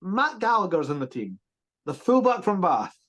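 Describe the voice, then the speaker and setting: A man's voice: high voice, normal speed. A man hosting a casual rugby podcast, joking and bantering. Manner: jokey, lively banter. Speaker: podcast host.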